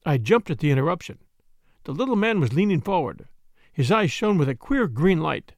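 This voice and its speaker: Male audiobook narrator, measured and expressive, slightly high voice, dry close recording. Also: dry recording. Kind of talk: scripted first-person story narration.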